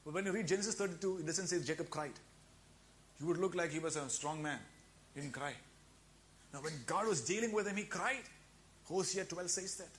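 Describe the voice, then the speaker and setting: Fervent pastor, Malayali English accent, high and bright-toned man, sermon delivery. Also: fairly quick, long pauses, slight background noise. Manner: fervent preaching with repeated hallelujahs.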